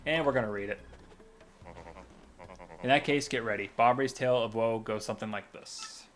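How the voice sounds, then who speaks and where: A man's voice: mid-range voice, normal speed, fairly bright tone, soft background music. A man streaming a video game, reading its character dialogue aloud with a light dramatic lilt and stumbling over words now and then. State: coughing at times.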